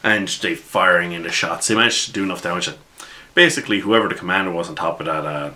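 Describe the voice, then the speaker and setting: A man's voice: deep voice, fast talker, bright, forceful tone. A man who runs a tabletop war game, recounting what happened in his last session in a rambling, conversational way. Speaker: game master. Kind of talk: casual spoken recap of a tabletop game session.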